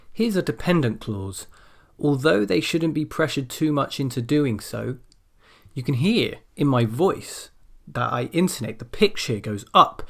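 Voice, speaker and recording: Male teacher, mid-pitched, explanatory lecture delivery, demonstrates intonation on examples. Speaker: English exam teacher. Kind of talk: recorded video lecture.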